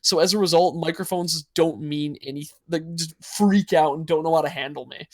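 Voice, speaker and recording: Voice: mid-range voice, steady tone, fairly quick, dry recording, clean studio sound. A podcast host chatting casually, rambling with lots of fillers and frequent giggles. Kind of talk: casual chat.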